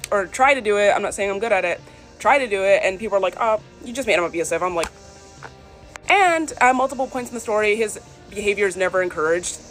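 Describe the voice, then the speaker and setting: A young woman writer ranting in a casual phone vlog, exasperated and emphatic, repeating her points. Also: mid-range voice. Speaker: fan fiction writer. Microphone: phone selfie.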